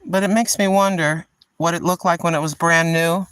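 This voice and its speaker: A woman's voice: on the low side, fairly even intonation, normal speed, fairly bright tone, smooth, dry recording. Chatty older woman joking on a walk. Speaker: vlog host. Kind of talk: casual chat on a walk. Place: outdoors at a riverside park.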